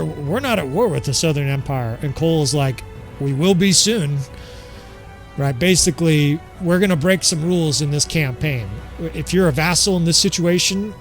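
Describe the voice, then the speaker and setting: A man giving casual gameplay commentary as the channel host, candid and swearing freely, talking to viewers as fellas. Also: on the high side.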